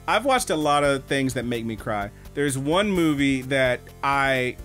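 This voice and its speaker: A man co-hosting an anime podcast, telling stories in an animated, swearing, casual way. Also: medium pitch, unhurried, faint music behind. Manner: animated storyteller, swears a lot. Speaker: podcast co-host. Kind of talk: casual chat.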